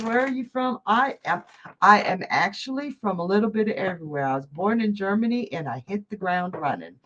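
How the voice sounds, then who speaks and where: A woman's voice: medium pitch, fairly bright tone, highs cut off. A woman from Georgia, hosting a live psychic stream and chatting effusively with viewers, laughing often. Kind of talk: casual live-stream chat reading viewer comments.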